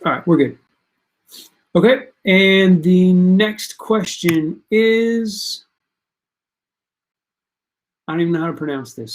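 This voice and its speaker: A parent hosting a casual online quiz stream for students, chatting and reading out players' answers and scores. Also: mid-range voice. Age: adult parent.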